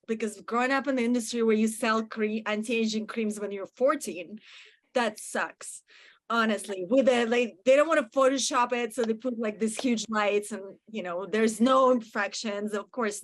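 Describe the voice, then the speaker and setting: A woman, an actress guest venting with animated indignation in a casual panel chat. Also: fairly high pitch. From France. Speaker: talk show guest, actress.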